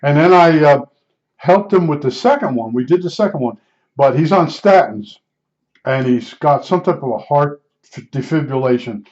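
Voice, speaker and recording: A man's voice: fairly high pitch, lively intonation, moderate pace, darkish tone. A man telling a casual, rambling anecdote, restarting his sentences often and leaning on fillers. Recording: dull lo-fi recording.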